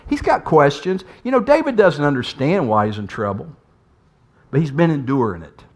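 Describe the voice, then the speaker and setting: Male pastor, earnest storytelling preacher with emphatic repetition and a somewhat high voice. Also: big pitch swings, normal speed. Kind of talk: storytelling sermon.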